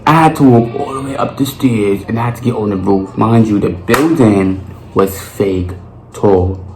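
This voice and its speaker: A young man tells a story to camera in an animated, profane way, full of slang. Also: fairly low pitch, moderate pace, a crowd in the background. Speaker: vlogger. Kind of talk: storytime monologue. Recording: roomy with faint noise.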